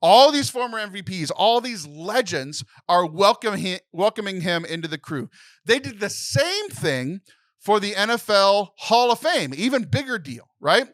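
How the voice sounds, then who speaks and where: Tearful, bright-voiced young man. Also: sits high, big pitch swings, a little slow, no room sound, studio quality. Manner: emotional, near tears, rambling with restarts. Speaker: podcast co-host. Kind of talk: casual chat.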